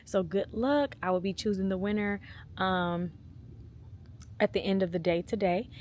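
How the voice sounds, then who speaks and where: A woman's voice: medium pitch, normal speed, a little mellow, slight background noise. A woman, chatting casually to viewers in a vlog and telling family stories. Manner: chatty, storytelling, addresses viewers as y'all. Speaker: vlogger and mother.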